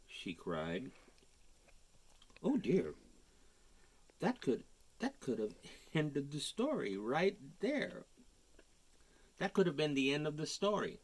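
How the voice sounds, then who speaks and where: A man reading a picture book aloud to young children in a gentle, chatty way, with playful ad-libbed asides. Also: fairly high pitch, wildly swooping pitch, slow pace, long pauses, husky. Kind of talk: storybook read-aloud for children.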